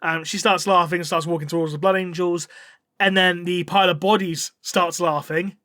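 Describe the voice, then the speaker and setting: Male podcast co-host, high voice, rambling recap, dry close sound. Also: steady tone, normal speed, sharp tone, no room sound. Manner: rambling, swears, acts out characters' lines. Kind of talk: casual story recap.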